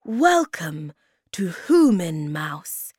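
A woman voicing a kind, clever male creature who explains things calmly. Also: mid-range voice, slow, no echo, clean studio sound, voice pushed up. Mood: kindly. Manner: calm, kindly explaining.

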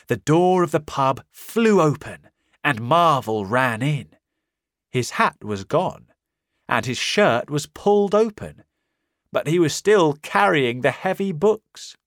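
A man narrating a simplified storybook in a slow, clear, careful reading. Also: fairly high pitch, animated, fairly bright tone, no echo, clean studio sound. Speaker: audiobook narrator. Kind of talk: scripted narration of a simplified reader.

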